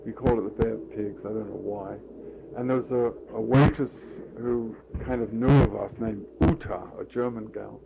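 Heavy background noise and cut-off highs surround a fairly low, gravelly male voice, steady in tone at normal speed. An older interviewee, he meanders through anecdotes of his life with many fillers, performing the quoted dialogue.

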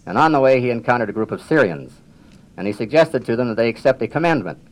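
An older man, a riverboat captain, reminiscing in a measured storytelling manner with dry humor and frequent throat clearing. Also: mid-range voice, expressive, low-quality recording. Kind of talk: reminiscing public talk.

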